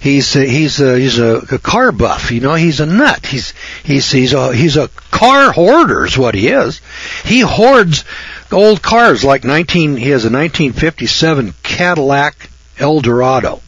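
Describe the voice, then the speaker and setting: A man's voice: mid-range voice, big pitch swings, unhurried, a bit bright, slightly rough, no echo, highs cut off. A man giving a folksy, sarcastic rant in casual talk to his audience. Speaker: online video host. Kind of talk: casual ranting monologue.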